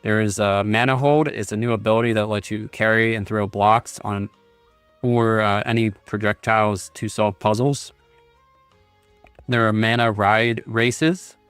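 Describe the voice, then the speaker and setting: A man's voice: fairly low pitch, fairly even intonation, measured pace, fairly bright tone, clear, resonant tone, no room sound. Casual male game streamer, dry sound. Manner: rambling, reads text aloud with many fillers. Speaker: gaming streamer. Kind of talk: casual livestream commentary. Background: faint game music.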